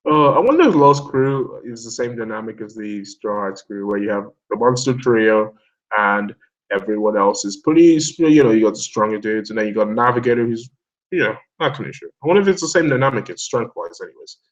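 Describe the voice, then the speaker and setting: A young man in casual chat about comic chapters, excitable and swearing, laughing often as he quotes characters. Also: lowish voice, a little fast, dull audio. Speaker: manga discussion host.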